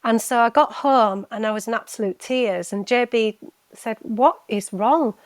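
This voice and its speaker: A woman's voice: a little high, steady tone, dry recording. A woman guest on a podcast, telling her personal story candidly and earnestly, often stopping and restarting her sentences. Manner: earnest, halting with frequent restarts. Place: podcast recording.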